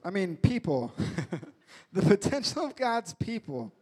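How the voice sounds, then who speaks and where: A man preaching a casual, jokey sermon, retelling a story in a lively way with acted-out voices. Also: sits high, unhurried, husky.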